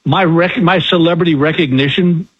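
A folksy older man spins stories as an interview guest, doing little voices for the people he quotes. His voice sits a bit high with a husky edge. It comes through a dull, lo-fi line. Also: steady tone, normal speed. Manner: folksy storyteller, acts out quotes. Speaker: comedian guest. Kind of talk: casual storytelling interview. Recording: muffled lo-fi phone-like audio.

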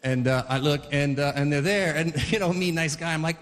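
A man's voice: fairly high pitch, brisk, long reverb tail. A man in his forties doing stand-up comedy, rambling and restarting his sentences as he chuckles through stories. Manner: rambling, self-interrupting, chuckling.

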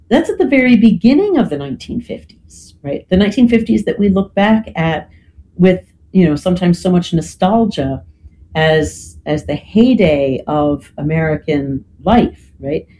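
A guest explaining history in a lecturing, conversational way, often checking in with "right?" and filling pauses with "you know". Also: mid-range voice, lively intonation, dark tone, slight background noise, rough recording.

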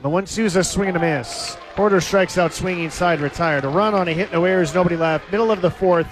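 A man calling a minor league baseball game on radio, telling a funny story between pitches and laughing at it. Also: brisk. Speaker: baseball play-by-play announcer.

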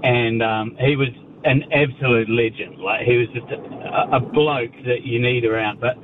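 A New Zealand man phones in to a radio show and spins a casual yarn, stumbling over restarts and laughing as he goes. His voice sits at an ordinary pitch, and it comes through a dull, muffled phone line with clear background noise. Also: fairly even intonation, normal speed. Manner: chatty, laughing, many ums and restarts. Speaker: radio caller. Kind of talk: casual storytelling on a call-in show.

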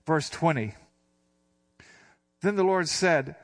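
A man's voice: a little high, lively intonation. Older man teaching the Bible casually. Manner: reads scripture slowly, then explains in casual asides. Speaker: pastor.

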